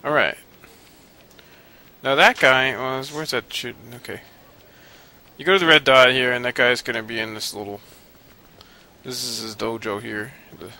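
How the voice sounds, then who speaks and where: Gravelly, cranky man commenting on a game. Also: medium pitch, moderate pace, pauses often, bright, forceful tone. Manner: rambling, cranky and profane, laughs often. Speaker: let's play commentator. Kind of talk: casual gameplay commentary.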